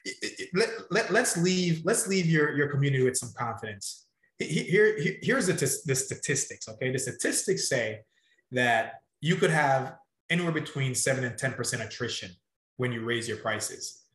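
A man's voice: mid-range voice, expressive, moderate pace, a bit bright. Emphatic man coaching in a roomy space. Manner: emphatic, direct, pushes the listener. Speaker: salon business coach. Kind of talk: casual podcast chat.

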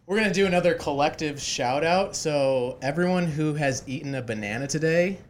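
A man's voice: on the high side, brisk. Joking man hosting a podcast. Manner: joking, laughs often, many fillers. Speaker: podcast host. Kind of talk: casual podcast chat.

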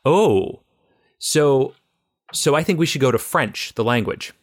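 A man co-hosting a casual podcast, speaking with playful, mock-authoritative confidence. His voice sits at a middle pitch, and the recording is close and dry with no room sound. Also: lively intonation, measured pace, no room sound. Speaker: podcast co-host. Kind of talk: casual banter.

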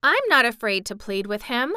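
A plucky little girl speaks eagerly and politely in a bright, crisp voice. She is a brave storybook heroine, voiced by a woman reading aloud. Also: on the high side, very animated, moderate pace, no echo, clean studio sound, pitched above the performer's own voice.

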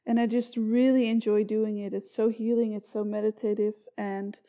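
A woman's voice: medium pitch, little pitch movement, normal speed, mellow. Earnest woman musing on a podcast. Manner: earnest, meandering, with frequent fillers and restarts. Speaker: shaman podcast host. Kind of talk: solo podcast monologue.

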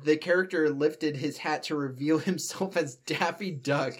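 A young man taking turns reading fan fiction aloud, halting and stumbling over words now and then. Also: on the high side, slightly rough. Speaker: co-reader.

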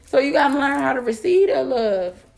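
A woman's voice: high-pitched, animated, normal speed, gravelly. A woman co-hosting a podcast, talking in an earnest, reflective, slangy way. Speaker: podcast co-host. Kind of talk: casual podcast chat.

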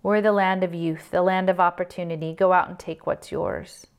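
A woman's voice: on the low side, steady tone, normal speed, smooth, close to an everyday voice. A woman reading aloud, voicing a bitter, grieving middle-aged father who lectures with sarcasm. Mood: sarcastic. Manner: sarcastic and lecturing, breaking into sobbing rage.

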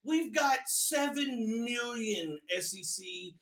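A man in his thirties co-hosting a podcast in casual chat, teasing and provoking, sometimes bursting into shouting. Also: extremely high pitch, expressive, slow pace. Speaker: podcast co-host.

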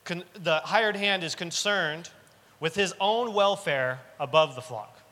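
Man, preacher, earnest sermon, higher voice, bright tone, long hall reverb. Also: a little slow. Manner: earnest, repeats key lines for emphasis.

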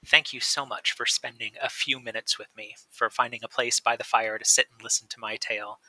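Bright-voiced male storyteller. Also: medium pitch, fairly even intonation, rough recording. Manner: measured, dramatic storytelling pace. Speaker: storytelling podcast host. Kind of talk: folk tale reading and chat.

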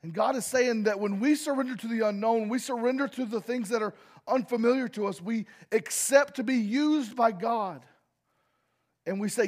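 A male pastor delivering an impassioned sermon, speaking directly to his congregation, with loudness that rises and falls sharply. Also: very high-pitched, normal speed.

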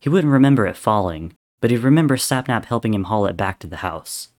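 Male storyteller, lower voice, measured dramatic reading. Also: lively intonation, darkish tone. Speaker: narrator. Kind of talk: reading fan fiction aloud.

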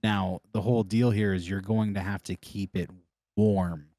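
A man's voice: on the low side, fairly even intonation, normal speed, warm tone, no room sound, studio quality. A man co-hosting a podcast, telling a loose, rambling story with lots of laughter. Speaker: podcast co-host. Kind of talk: casual storytelling chat.

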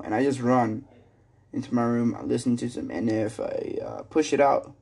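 A man's voice: mid-range voice, normal speed, gravelly, darkish tone, slightly rough. A young man in his teens telling a story in a rambling, slangy way with lots of fillers. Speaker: vlogger. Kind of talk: casual storytelling.

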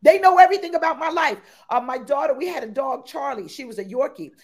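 A woman guest in an interview chat, talking exuberantly and repeating her phrases with excited bursts. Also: high voice, quick pace. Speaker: podcast guest.

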